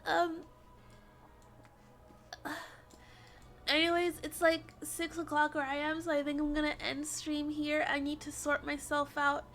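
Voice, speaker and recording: A woman livestreaming a game, tearful and emotional, exclaiming and swearing at the story before a soft sign-off, on a desk mic. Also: sits high, monotone, unhurried, long pauses. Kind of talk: live game stream reaction.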